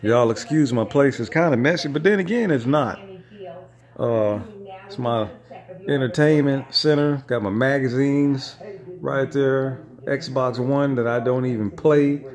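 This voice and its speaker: A man's voice: medium pitch, unhurried, a little mellow, faint music behind. A man making a casual home vlog in his living room, teasing his dog with playful trash talk and slang, filmed on a phone camera. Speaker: vlogger.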